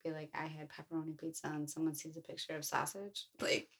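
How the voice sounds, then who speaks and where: A woman's voice: low-pitched, completely flat delivery, fast. A woman co-hosting a podcast, chatting casually and speaking bluntly. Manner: blunt, frank remarks. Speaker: podcast co-host. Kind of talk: casual chat.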